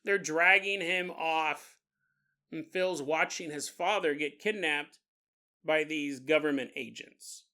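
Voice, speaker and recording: A man hosting a podcast, telling a strange story in a joking, animated way and often laughing. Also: a little high, slow pace. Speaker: podcast host. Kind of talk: comedic storytelling.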